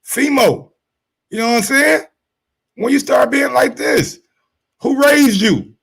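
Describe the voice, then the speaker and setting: A man's voice: very high-pitched, a little slow, creaky, a bit bright, slightly rough, rough recording. A man hosting a sports talk show, commenting in a loose, fired-up way with plenty of swearing, often repeating words as he gets worked up.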